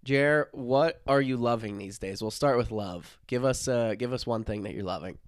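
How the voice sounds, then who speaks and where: A man's voice: mid-range voice, moderate pace, clear, resonant tone, no echo, clean studio sound. A man hosting a sports podcast in a casual, rambling, enthusiastic way, his voice nasal and congested. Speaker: podcast host.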